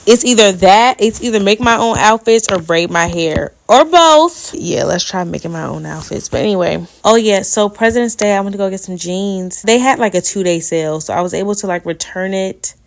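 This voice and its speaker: A woman's voice: mid-range voice, normal speed, vocal fry, hardly any pauses. A young woman hosting a casual solo podcast, chatting with playful slang and laughing as she goes. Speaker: podcast host.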